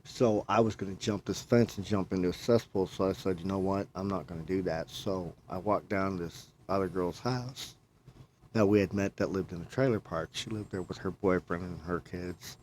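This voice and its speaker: A man's voice: sits low, moderate pace, darkish tone, a little hiss or hum. A man talking casually, telling a long personal story and often quoting himself. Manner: rambling, repeats himself, quotes himself. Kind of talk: casual chat.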